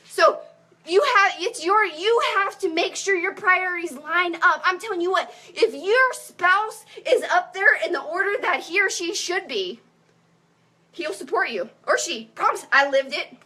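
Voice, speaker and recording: A woman in her thirties giving an energetic motivational pep talk as a coach on a call. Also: very high voice, a little slow.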